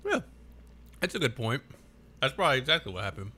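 A man co-hosting a podcast in casual chat, laid-back and reacting with quick remarks. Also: medium pitch, sing-song, sharp tone. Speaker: podcast co-host.

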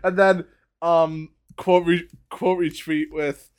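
A male podcast co-host in casual chat, his voice slightly high. He keeps cutting in with jokey asides and quick comments. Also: steady tone, smooth.

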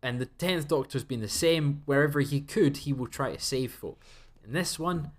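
With a fairly high voice and a moderate pace, a young podcast co-host chats in a casual way. He acts out the quoted exchanges in the stories he tells.

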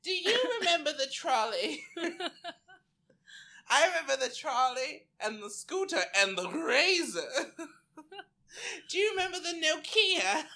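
A man co-hosting a podcast who talks profanely and keeps dissolving into giggles. His voice swoops around animatedly with a bright edge, and he speaks at an unhurried pace. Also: very high-pitched, very animated, vocal fry. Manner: giggly and profane, breaking into laughter. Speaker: podcast co-host. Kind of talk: casual chat.

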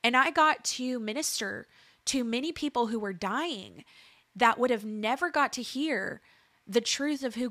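A woman in her thirties gives an earnest preaching testimony about her faith in a mid-range voice that sounds pushed and bright. She builds emphasis through repeated phrases, and the studio-quality recording has no room sound.

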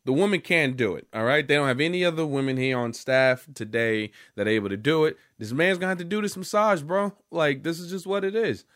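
A man's voice: fairly high pitch, a little fast, few pauses, fairly bright tone, no room sound, clean studio sound. Rambling, foul-mouthed man telling a story. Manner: rambling and profane, with frequent fillers and restarts. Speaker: vlogger. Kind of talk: casual storytelling monologue.

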